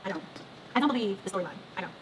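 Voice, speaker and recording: A woman's voice: mid-range voice, a little hiss or hum, rough recording. A woman hosting her own vlog, chatting frankly and profanely about gossip to the camera. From Atlanta, United States. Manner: rapid, animated, frank and profane. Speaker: vlog host. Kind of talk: casual gossip chat to camera.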